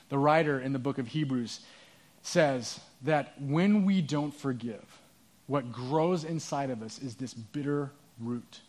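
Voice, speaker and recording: A pastor preaching a sermon, telling a story in an earnest, conversational way. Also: male voice, mid-range voice.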